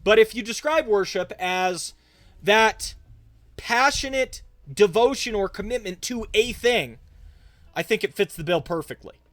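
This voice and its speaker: A man's voice: high-pitched, animated, unhurried, a bit bright, no room sound. A young man, a pastor, talking casually on a livestream and answering viewers' chat questions as he goes. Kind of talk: livestream Q&A talk.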